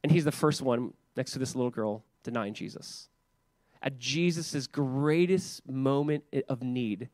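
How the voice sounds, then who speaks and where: A man's voice: mid-range voice, unhurried, a little mellow, dry recording, studio quality. A man in his thirties preaching a church sermon in a casual, conversational way, often saying "like" and repeating words. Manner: conversational, repeats words, many filler 'like's. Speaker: pastor.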